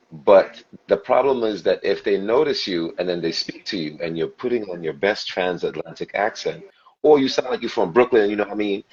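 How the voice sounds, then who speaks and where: A man hosting a casual live podcast, an animated storyteller who slips into mimicked accents. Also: low-pitched. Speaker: podcast host and steelpan player. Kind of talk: casual chat on an online live stream. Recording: muffled lo-fi stream audio.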